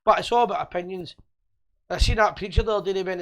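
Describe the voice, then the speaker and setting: A man's voice: high-pitched, racing, a bit bright. A Scottish man hosting a casual live show, joking and rambling in boisterous banter. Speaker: host.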